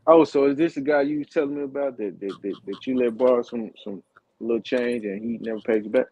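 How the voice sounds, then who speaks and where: A man's voice: medium pitch, a little fast, dark tone, husky, dull audio. A man co-hosting a casual podcast, reacting to a friend's story with teasing follow-up questions. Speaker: podcast co-host. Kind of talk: casual chat, asking questions.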